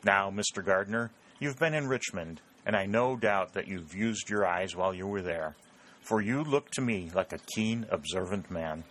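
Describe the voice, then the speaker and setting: A man's voice: deep voice, moderate pace, fairly bright tone, poor audio. A man voicing a shrewd, wheedling army lieutenant in a storybook reading. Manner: wheedling, vexed.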